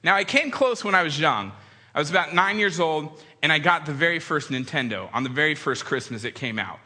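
A man in his thirties giving a humorous storytelling talk to an audience, animated and acting out quoted voices. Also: a little high, fairly quick. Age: 30s. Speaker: speaker addressing an audience. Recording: long hall reverb.

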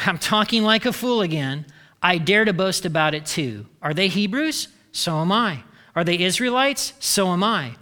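A man's voice: high voice, sharp tone. A middle-aged male pastor preaching a sermon in a loose, conversational way, acting out mocking complaints with sarcasm.

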